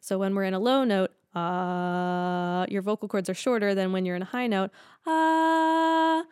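A woman's voice: medium pitch, steady tone, fast, a little mellow, clean tone, no room sound, clean studio sound. A woman speech pathologist explaining her work in a chatty interview, filling with "like" and "um" and laughing easily. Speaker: speech language pathologist guest. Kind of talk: casual explanatory interview talk.

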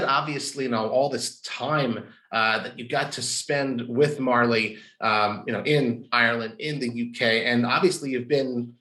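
A man's voice: medium pitch, pushed and bright. Podcast host guy, chatty, um and you know everywhere, average voice. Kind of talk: casual interview chat.

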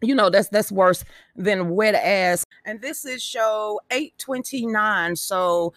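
A woman's voice: medium pitch, slow, a bit bright, no room sound, clean studio sound. A middle-aged woman, hosting a live show in brash, profane, joking casual chat.

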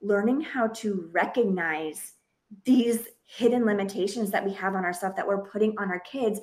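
A woman's voice: medium pitch, normal speed, a little mellow. A woman in her thirties, a parenting coach hosting a podcast, talking earnestly and expressively, often restarting her sentences. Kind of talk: casual podcast conversation.

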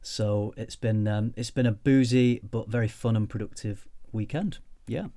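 A man's voice: fairly low pitch, steady tone, normal speed, dark tone, dry recording, studio quality. A man co-hosting a podcast, chatty and jokey, calling his co-host "mate". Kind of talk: casual chat.

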